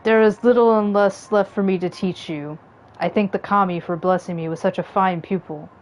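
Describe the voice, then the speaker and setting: Old samurai sensei from a game, stern and solemn, slow lines, voice somewhat low as a woman streamer reads him. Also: lightly acted. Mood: proud. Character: old male samurai master, stern and dignified. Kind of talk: reading game dialogue aloud.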